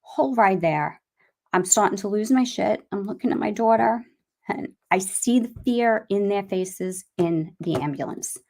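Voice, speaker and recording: A middle-aged woman, a guest and bereaved mother, giving a halting, rambling personal account with many restarts. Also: medium pitch, darkish tone.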